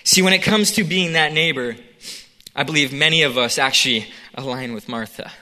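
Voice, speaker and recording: A man's voice: on the high side, normal speed, bright, forceful tone, in a large hall. A man preaching a sermon in a conversational way, acting out the scene with quoted voices.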